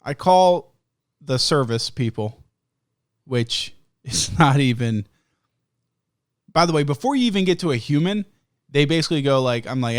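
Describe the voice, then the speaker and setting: A man's voice: mid-range voice, moderate pace, pauses often, smooth, no echo, clean studio sound. A young man hosting a podcast, telling a story in a profane, ranting casual chat. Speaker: podcast host.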